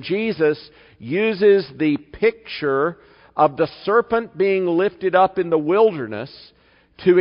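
A man preaching a sermon as pastor, with measured delivery and slow, emphatic reading of scripture in a church. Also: high-pitched, long reverb tail, muffled recording. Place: church sanctuary.

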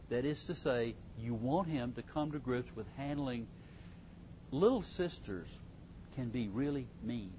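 A man's voice: mid-range voice, a little mellow, muffled recording, a little hiss or hum. A middle-aged man, giving parenting advice to a group in a folksy, casual way and repeating himself as he goes. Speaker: parenting speaker. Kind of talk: casual talk to a live group.

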